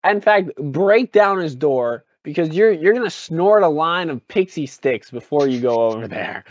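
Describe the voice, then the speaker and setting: A man co-hosting a goofy podcast, his voice pitched high for a man. He talks in an exaggerated way, spinning absurd, over-the-top jokes. The sound is close and dry. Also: expressive, normal speed, hardly any pauses, dry recording, dull audio. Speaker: podcast co-host. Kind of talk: goofy comedic podcast banter.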